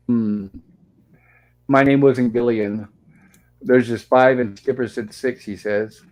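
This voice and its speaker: A man's voice: medium pitch, steady tone, slow, pauses often, darkish tone. A man hosting a live stream, chatting casually and reading dialogue aloud with little acting. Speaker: host of a live-streamed show. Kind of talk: casual episode recap, reading lines aloud.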